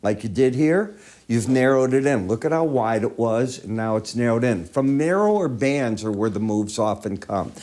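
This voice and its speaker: A man's voice: mid-range voice, expressive, moderate pace, a little mellow. A man with allergy sniffles giving conversational chart-by-chart market commentary, asking the viewer rhetorical questions.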